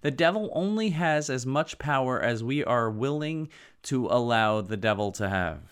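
An earnest male preacher delivers a sermon with emphatic lines and halting asides. His voice is smooth and resonant, at a middle pitch for a man. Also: expressive.

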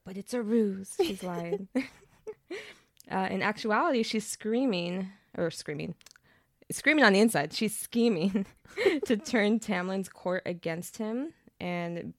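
Recapping a book on her podcast, this young co-host keeps it bubbly and casual, full of slang and frequent laughs. Her mid-range voice is expressive and slow, captured in a dry recording.

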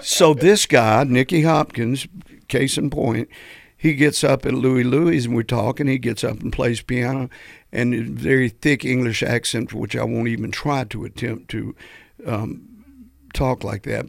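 An older man, his voice gravelly and fried at the edges. He tells road stories with animation and lectures firmly about the music trade. The sound is close and dry. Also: mid-range voice, unhurried, no echo. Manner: animated storyteller, preachy about the music business. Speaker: guest musician. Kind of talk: storytelling in a podcast interview.

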